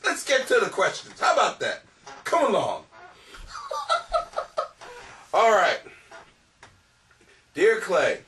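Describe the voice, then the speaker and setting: A man's voice: high-pitched, creaky, pushed and bright, recorded from a distance, a little hiss or hum. A man hosting a comedic advice podcast, rambling and crude, often laughing at his own jokes. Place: home basement.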